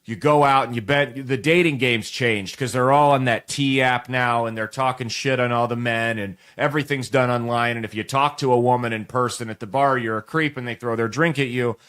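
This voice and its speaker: A man's voice: medium pitch, fairly even intonation, brisk, hardly any pauses, fairly bright tone, smooth. A man in his late twenties hosting a show, telling a crude, rambling comic story straight to viewers with plenty of restarts. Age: late 20s. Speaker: show host. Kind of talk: comedic monologue to viewers.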